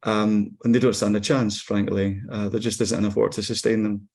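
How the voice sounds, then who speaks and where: A Scottish actor in his forties, chatting in an interview in a relaxed, wry way with frequent ums and restarts. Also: lowish voice, normal speed, creaky. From Scotland. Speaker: actor guest. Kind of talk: casual interview chat.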